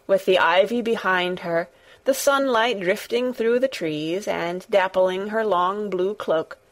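A woman narrating a storybook at an unhurried, slow pace. Her pitch sits in a middle register, and she reads in a measured, gentle way. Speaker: audiobook narrator. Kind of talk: scripted narration.

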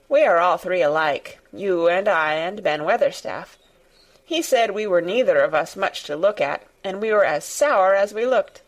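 A woman's voice: lowish voice, lightly acted. Woman reading as a frank, sour-tempered little girl. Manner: frank, earnest, snappish.

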